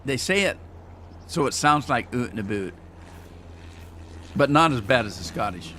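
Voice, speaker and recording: A man's voice: medium pitch, lively intonation, moderate pace, bright, forceful tone, a little hiss or hum. Rambling man narrating his farming game. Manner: chatty, rambling, self-teasing. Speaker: gaming streamer. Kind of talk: casual gameplay commentary.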